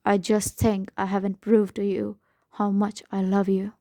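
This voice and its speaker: Woman doing an angry jealous young man, low, quiet, menacing, mellow, dry. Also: completely flat delivery, measured pace, dry recording, lightly acted.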